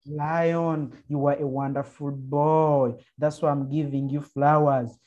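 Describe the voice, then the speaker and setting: Ugandan English woman, primary teacher, lowish voice, mellow tone, encouraging, video call. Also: fairly even intonation, takes it slowly, highs cut off. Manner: encouraging, prompting with frequent uh-huh and mm-hmm. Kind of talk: online class lesson.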